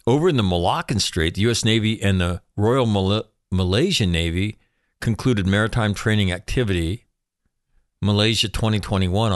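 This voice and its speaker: A man's voice: deep voice, dry recording, studio quality. A man and former Marine giving casual, sarcastic commentary on military news, dropping profane jokes between facts. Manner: sarcastic, profane asides, jokey.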